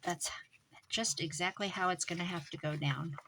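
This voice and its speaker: A woman making a craft journal, chatting casually as she works and muttering to herself with quick self-corrections. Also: on the low side, very noisy. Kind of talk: casual crafting vlog, talking while working.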